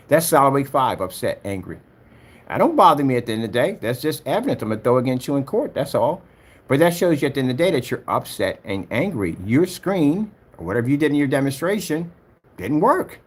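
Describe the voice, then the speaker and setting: A man's voice: mid-range voice, sing-song, brisk, slightly rough. A man who makes projector screens, giving heated vlog commentary and taunting a rival with repeated jabs. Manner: taunting, repeats himself, talks straight at a rival. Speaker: projector screen maker vlogger.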